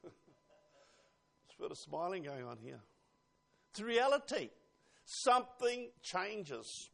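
An older man delivers an earnest sermon, pausing often and lifting his emphasis up and down. His voice sits fairly high and carries a gravelly edge. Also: very animated, a bit bright. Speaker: preacher. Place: church.

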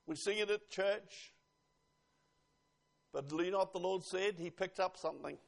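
An older man preaches an earnest sermon in a church. His fairly high voice has a gravelly edge, and he pauses often while his emphasis rises and falls.

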